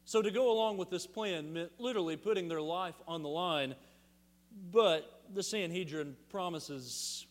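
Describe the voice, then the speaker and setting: Man preaching in a reverberant church. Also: high-pitched. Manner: animated preaching with rhetorical questions and emphatic pauses. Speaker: pastor. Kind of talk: sermon. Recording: long hall reverb.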